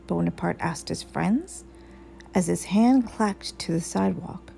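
A woman reads a children's picture book aloud at an unhurried, gentle pace. Her voice carries a gravelly, creaky texture, and soft music plays faintly behind her. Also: lowish voice, rough recording. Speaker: storyteller.

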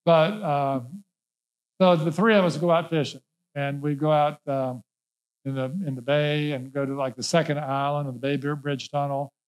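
A man's voice: on the high side, fairly even intonation, moderate pace, clear, resonant tone, low-quality recording. A male pastor preaching a sermon, emphatic and folksy, repeating key words and mixing in casual asides. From Norfolk, Virginia.

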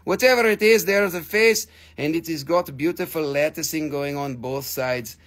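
An animated American man hosts a live rock sale with a slightly high voice. He talks casually, swears freely, and keeps the banter loose and jokey. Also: normal speed. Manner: animated, swears, slips into silly put-on voices. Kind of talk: casual live sales stream.

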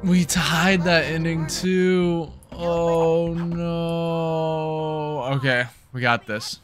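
A man hosting casual gameplay commentary, excitably cheering his players on by name. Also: fairly high pitch, very slow, over music. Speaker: gaming channel host.

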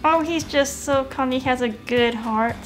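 A woman's voice: high-pitched, measured pace, faint music behind. A young woman from Tennessee answering interview questions in earnest, simple short replies with playful asides, in a casual chat while baking. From Tennessee, USA. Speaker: interview guest.

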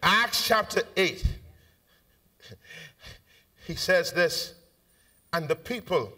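A man with a Bahamian accent preaching a live sermon in a church auditorium. He is fervent and calls out to the congregation, moving between shouted lines, sung phrases and quiet asides. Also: high-pitched, lively intonation, drawn-out words, pauses often, distant mic. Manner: call-and-response with the congregation. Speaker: bishop preaching. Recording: live church recording, voice off-mic.

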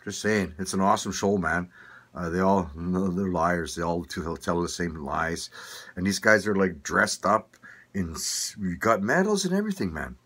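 Older Canadian man, low rambling voice. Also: lively intonation, normal speed, a bit bright, breathy edge. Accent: Canadian, Manitoba. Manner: rambling, swearing, laughing often, many restarts. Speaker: vlogger. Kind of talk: casual opinion rant.

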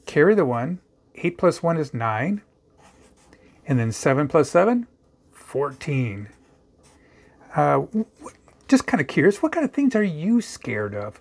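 Brief: middle-aged man, chatty kids' math tutor, a touch high-pitched. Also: very animated, a little slow, creaky, long pauses, a little mellow. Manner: chatty, playful, talks to viewer directly. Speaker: math teacher. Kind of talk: casual math lesson for kids.

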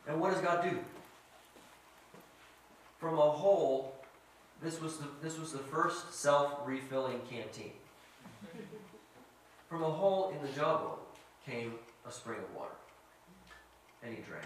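A man telling a story as a sermon, animated and quizzing his audience. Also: on the high side, a little slow, pauses often, slight background noise. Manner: animated, asks the audience questions. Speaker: guest speaker. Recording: very echoey hall, mic at a distance.

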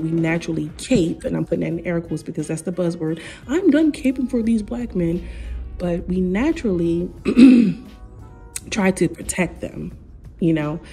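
A woman vlogger giving sassy, blunt opinion commentary in casual talk. Her voice sits a bit low, with a warm, mellow tone. She talks straight to her viewers, with faint music underneath. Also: steady tone, moderate pace.

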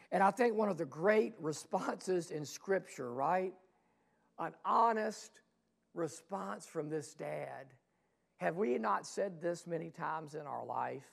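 Pastor, male, raised pitch with gravel in it; sermon delivery that throws rhetorical questions at the congregation. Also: animated, slow pace. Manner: dynamic preaching, swelling loud then dropping to hushed asides. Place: church sanctuary.

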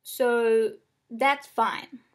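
A woman's voice: fairly high pitch, fairly even intonation, drawn-out words. A young woman venting to the camera about failing, upset, rambling and frank, swearing often, recorded at close range in a small room. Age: young adult. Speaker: vlogger.

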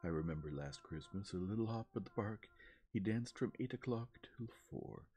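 A man in a soft-spoken ASMR reading, voicing a hearty, jovial older country gentleman in a bluff, booming manner. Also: animated, normal speed, slightly rough.

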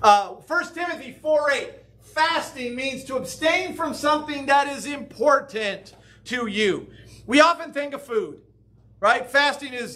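Male pastor, high and bright voice, chatty sermon delivery. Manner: conversational, animated, keeps asking "right?".

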